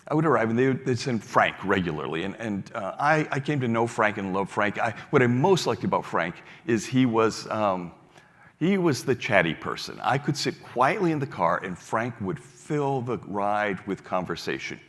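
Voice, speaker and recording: An older man speaks from a stage in a large hall, his voice a bit low and carrying a long reverb tail. He tells a story and acts out its dialogue, stumbling and restarting as he goes. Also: sing-song, normal speed. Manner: warm storyteller acting out dialogue, many restarts. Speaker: foundation leader giving a keynote. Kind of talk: storytelling keynote speech.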